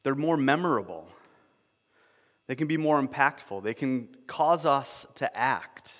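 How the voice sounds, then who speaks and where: A man preaching a sermon as a pastor, in a relaxed, conversational way, often repeating words as he restarts. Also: medium pitch, a little slow. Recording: long hall reverb.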